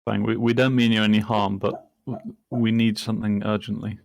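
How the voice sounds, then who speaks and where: Male tabletop player, deliberate, gravelly and low, dry close sound. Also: level tone, a little mellow, no echo. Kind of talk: tabletop role-play.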